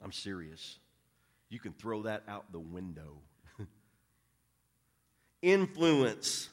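A man preaching a sermon as pastor, talking conversationally, often repeating his opening words and swinging from hushed asides to loud emphasis. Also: fairly low pitch, big pitch swings, slow pace. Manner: repeats words when starting sentences.

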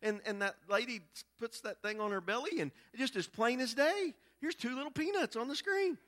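Middle-aged preacher, bright edgy voice, animated storytelling with lots of repeated words. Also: male voice, very high-pitched, normal speed. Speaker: pastor. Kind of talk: storytelling sermon.

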